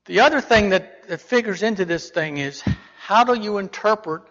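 A man's voice: sits high, moderate pace, fairly bright tone. A man teaching a Bible lesson in a conversational way, putting rhetorical questions to his listeners. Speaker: preacher. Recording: dull reverberant hall recording.

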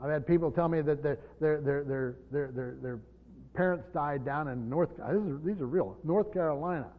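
A Bible teacher with a fairly high voice leads a study, explaining scripture conversationally at normal speed and restarting phrases as he goes. The lo-fi recording sounds dull, with a long reverb trailing his voice.

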